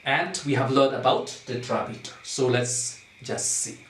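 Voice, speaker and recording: A male teacher walks a class through poetic meter, repeating each point and stopping to ask "okay?". He speaks very slowly and deliberately. His voice sounds distant from the mic in an echoey room. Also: medium pitch, fairly bright tone, a little hiss or hum. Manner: slow, repetitive, checks understanding with "okay?".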